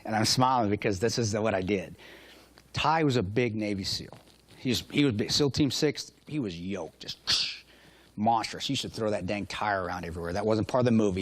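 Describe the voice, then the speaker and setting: A man's voice: fairly low pitch, no room sound. Joking man telling war stories, dry sound. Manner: joking, self-mocking storyteller; punchy, repeats phrases for emphasis. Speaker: keynote speaker. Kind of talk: motivational speech with war stories. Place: hotel luncheon hall.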